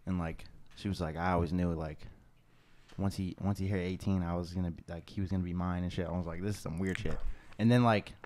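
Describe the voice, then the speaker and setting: A man's voice: deep voice, steady tone, fast talker, darkish tone. A young man from New England, a podcast co-host in casual chat, rambling with many fillers and swear words. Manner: rambling, swears a lot, lots of "like".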